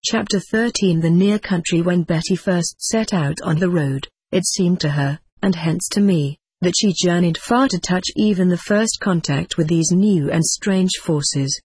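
Woman, audiobook narration, breathy tone, lower pitch, measured. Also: a little mellow, no room sound. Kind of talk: scripted narration.

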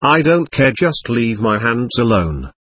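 A man reading aloud the lines of a quick-tempered, stubborn male spirit in a séance record, defiant and threatening. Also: mid-range voice, very animated, fairly bright tone, breathy edge, no room sound, full character voice.

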